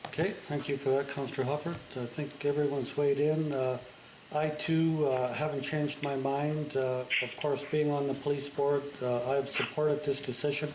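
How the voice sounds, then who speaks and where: A man chairing a city council meeting, brisk and with dry teasing asides, recorded in a council chamber. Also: mid-range voice, flat delivery, darkish tone, reverberant, slight background noise, poor audio.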